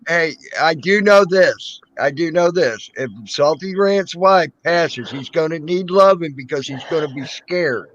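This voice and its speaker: A man chats on a casual online show in a rambling, joking, crude way. His voice sits a little high, and the sound is dull and close with no room. He plays the easygoing host. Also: unhurried, hardly any pauses, fairly bright tone, no room sound.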